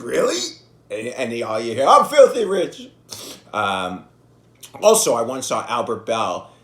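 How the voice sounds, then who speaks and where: A man's voice: medium pitch, fairly bright tone. Man telling stories in an echoey room. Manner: profane, self-deprecating storytelling. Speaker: podcast host. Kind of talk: casual rambling monologue.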